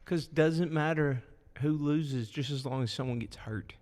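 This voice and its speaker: A man co-hosting a casual podcast chat, talking in a rambling, animated way with lots of fillers. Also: a little high, measured pace. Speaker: podcast co-host. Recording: echoey room with long reverb.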